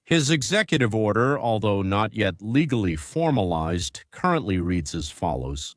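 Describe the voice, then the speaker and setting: A man delivers opinionated commentary in a blunt, sarcastic way. His voice sits low, and the recording is dry and close. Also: big pitch swings, moderate pace, few pauses, no echo. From Russia.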